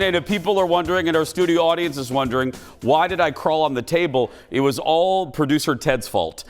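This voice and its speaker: A middle-aged man hosting a studio talk show, telling a self-mocking story in an animated way. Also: a little high, a little fast, few pauses, soft background music. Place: TV studio with live audience.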